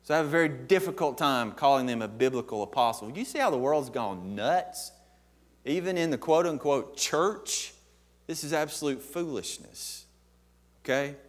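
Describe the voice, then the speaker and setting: A man's voice: medium pitch, animated, moderate pace. A man preaching a sermon as pastor, emphatic and posing questions to the congregation.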